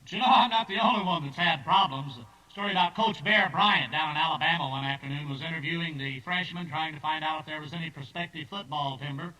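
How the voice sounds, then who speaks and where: A man tells drawn-out folksy jokes in a high, bright, forceful voice. He sounds set back from the microphone. The recording comes from an old tape. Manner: drawling storyteller, puts on character voices. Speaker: stand-up comedian. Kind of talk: folksy joke-telling. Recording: distant, old tape transfer.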